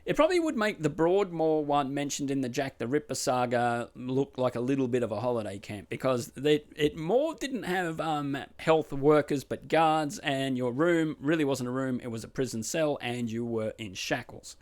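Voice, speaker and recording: A man's voice: mid-range voice, moderate pace, hardly any pauses. Aussie bloke telling a story on his podcast, wry and chatty, voice bouncing up and down a lot. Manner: chatty, wry, animated retelling. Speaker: podcast host.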